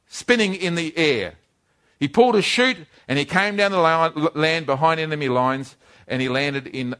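A man's voice: a little high, fairly bright tone. A man preaching a sermon, telling a story in an earnest way and building to fervent exhortation.

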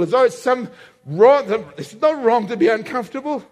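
A male preacher giving an emphatic sermon that swings between loud and hushed, heard in an echoey hall. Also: very high voice, animated, normal speed. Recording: echoey hall with long reverb.

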